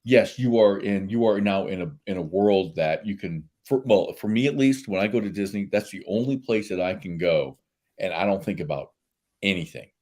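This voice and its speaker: A man guest in a casual interview, telling lively anecdotes and laughing often. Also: deep voice, moderate pace. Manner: animated storyteller, laughs often.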